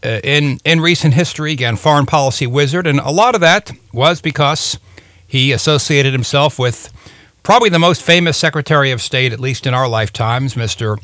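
A man's voice: mid-range voice, brisk, fairly bright tone, no room sound. Man, radio host, rambling casual interview, many fillers, dry close sound.

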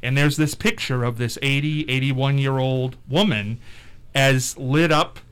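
A man's voice: mid-range voice, a little slow, clean tone. A man hosting a casual radio chat, playful and teasing as he tells stories and quizzes his co-hosts. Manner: playful, teasing, lively storyteller. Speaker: radio host.

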